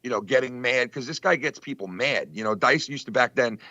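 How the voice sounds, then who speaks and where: A man chatting casually on a podcast, telling stories in an excitable, profane way with lots of fillers. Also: mid-range voice, brisk, lo-fi sound. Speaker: podcast co-host. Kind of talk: casual chat.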